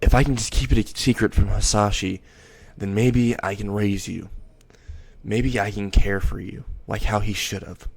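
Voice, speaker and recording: A man's voice: lowish voice, steady tone, moderate pace, gravelly, husky. A man voicing a male doctor in a storybook reading, talking in a musing, hesitant way. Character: sly male doctor, soft-spoken. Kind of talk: storybook character voice.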